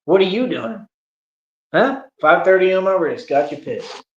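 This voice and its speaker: On a livestream, a streamer with a high-pitched, expressive voice at a moderate pace goes off on his critics, boasting and taunting in slangy language. The dull lo-fi audio was captured in an echoey room.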